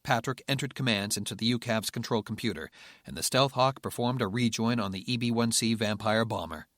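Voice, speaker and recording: A man reading a military thriller audiobook in steady, measured narration. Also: on the low side, no echo, clean studio sound. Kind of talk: scripted narration.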